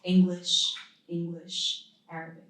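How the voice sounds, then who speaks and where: A woman in her thirties from the United States, reading her own poetry at a live event with measured, deliberate phrasing and pauses between lines. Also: lowish voice, monotone, pushed and bright. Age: 30s. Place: indoor literary event venue. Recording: very echoey room, voice from a distance.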